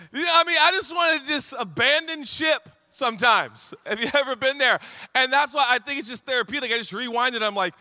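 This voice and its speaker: A middle-aged man as pastor giving a sermon, telling a story with animated energy that rises into excited shouts and laughter. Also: very high voice, brisk, in a large hall.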